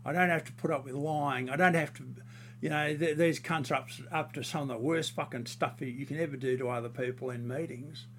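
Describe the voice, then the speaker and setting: A man's voice: on the high side, steady tone, brisk, slight background noise. A man in a casual monologue, ranting heatedly and crudely, rambling with fillers and restarts.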